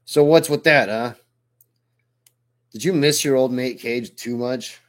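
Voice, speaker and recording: A man's voice: mid-range voice, unhurried, pitched above the performer's own voice, natural voice. A man reading the lines of a brash, suspicious male heavy gunner in an audiobook, blunt and challenging.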